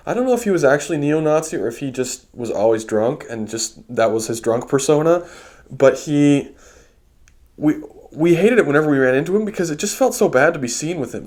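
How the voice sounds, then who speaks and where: A young American man with an American accent talks to camera in a chatty, loose vlog style. He often restarts his sentences and sounds amused at his own stories. His voice sits at an ordinary middle pitch. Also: darkish tone. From United States. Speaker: vlogger. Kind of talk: casual storytelling to camera.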